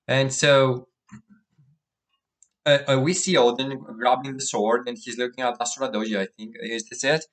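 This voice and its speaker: A man talks through a comic chapter in a relaxed, unscripted way, reading bits of dialogue as he goes. He stops and restarts often, fills gaps with "uh", and clears his throat now and then. His voice sits at an ordinary middle pitch. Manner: halting, many fillers and restarts, clears throat. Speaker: manga chapter recap host. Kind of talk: casual spoken recap with read-out dialogue.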